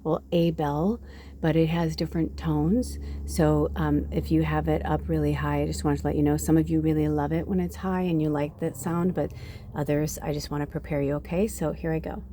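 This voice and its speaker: Chatty, mellow-voiced woman tarot reader. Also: sits low, flat delivery, normal speed, a little hiss or hum. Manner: chatty, rambling, swears casually, drops to soft whispers. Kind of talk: casual pick-a-card tarot reading.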